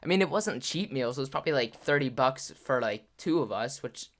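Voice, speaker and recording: A man, a gaming YouTuber, casually telling a story to his viewers, rambling and filling every pause with "like". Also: medium pitch, lively intonation, fairly bright tone. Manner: rambling, filler-heavy, says "like" constantly; acts out quoted voices of others.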